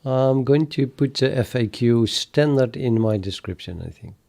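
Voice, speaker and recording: A man thinking aloud while he codes live, chatting with viewers in a halting, muttering way that trails off mid-sentence. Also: mid-range voice, gravelly, warm tone. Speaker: programmer streaming live development.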